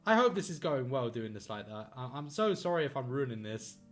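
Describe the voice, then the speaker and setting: A man's voice: medium pitch, sing-song, a little fast, a bit bright, soft background music. A man chatting casually on a live stream while he draws, rambling and upbeat, often running himself down, with lots of fillers, from his home art studio. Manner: rambling, upbeat, self-deprecating, with many fillers. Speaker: artist live-streaming a drawing.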